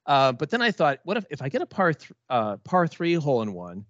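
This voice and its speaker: A man's voice: a little high, big pitch swings, brisk, no echo, lo-fi sound. A man co-hosting a podcast, telling a long story in casual chat with many false starts and restarts. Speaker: podcast co-host.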